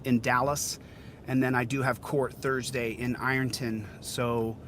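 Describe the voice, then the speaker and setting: A man's voice: medium pitch, level tone, measured pace, fairly bright tone, a little hiss or hum, poor audio. A man hosting a casual livestream outdoors, hot and sweating, talking in a rambling way with many repeated phrases. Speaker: livestreaming channel host. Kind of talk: casual live-stream chat.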